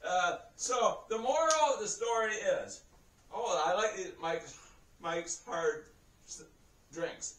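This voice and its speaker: Male vlogger, casual storytelling, swears and laughs through it, slightly high voice, distant camera mic. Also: animated, slow pace, a bit bright. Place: indoor room. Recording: roomy echo, heard from a distance.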